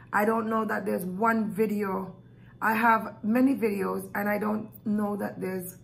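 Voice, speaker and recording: Gravelly-voiced woman, tearful and gushing. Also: mid-range voice, slight background noise, poor audio. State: tearing up. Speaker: mukbang vlogger. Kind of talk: heartfelt thank-you talk to viewers.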